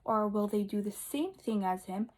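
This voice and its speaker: Breathy woman reading a picture book. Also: mid-range voice, moderate pace, rough recording. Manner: expressive, asks the children questions, drops to a whisper for asides. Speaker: kindergarten teacher. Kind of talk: children's picture book read-aloud.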